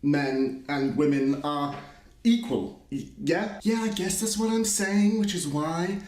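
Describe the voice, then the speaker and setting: A ditzy young woman rambles and hesitates, her voice pitched up and light, as a man puts her on. Her talk is full of fillers and halting restarts. The recording carries a noticeable roomy echo. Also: a little mellow. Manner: hesitant, filler-heavy valley-girl talk.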